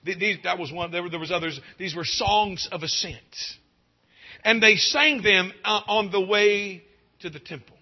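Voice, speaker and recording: A man preaching a revival sermon, swinging from hushed pleading to loud exclaiming and stretching out key phrases. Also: high-pitched, normal speed. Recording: dull lo-fi sound.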